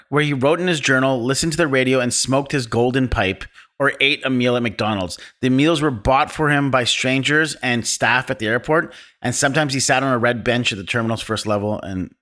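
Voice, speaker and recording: Bright-voiced man hosting a film podcast. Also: mid-range voice. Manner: opinionated, animated storytelling with restarts. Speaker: podcast host. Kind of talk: casual film discussion.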